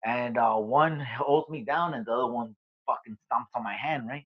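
Man telling a rough story, lo-fi sound. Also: mid-range voice. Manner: profane, halting, with many fillers. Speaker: guest. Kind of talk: casual interview storytelling.

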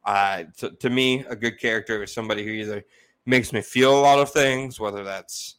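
A man co-hosting a podcast, talking in a casual, rambling and animated way. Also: lowish voice, clear, resonant tone. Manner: animated, rambling, quick asides. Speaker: podcast co-host. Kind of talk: casual chat.

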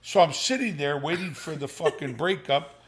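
A man's voice: on the high side, moderate pace. An older man telling a family story in casual talk, swearing often and acting out the voices of people in it. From Sicilian family. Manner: animated, profane, acts out voices in the story.

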